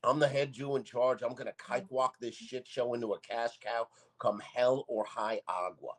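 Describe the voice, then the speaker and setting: A brash comedian reading his own comedy script aloud, loud, abrasive and mocking. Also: medium pitch, fairly even intonation, moderate pace. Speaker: guest comedian. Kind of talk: comedy script table read.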